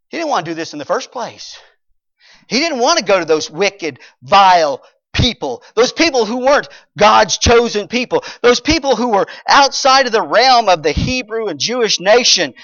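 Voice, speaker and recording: A man's voice: high voice, very animated, moderate pace, a bit bright, dry recording. A man preaching a sermon, reading scripture and retelling it animatedly, acting out characters and chuckling. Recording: dull lo-fi recording.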